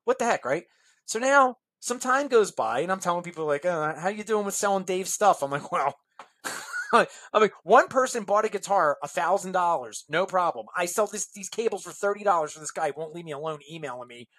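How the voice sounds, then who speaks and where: Husky-voiced man telling a lively story. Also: high voice, a little fast. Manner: lively storyteller acting out other people's lines. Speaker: interview guest, musician. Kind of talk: animated anecdote telling in a podcast interview.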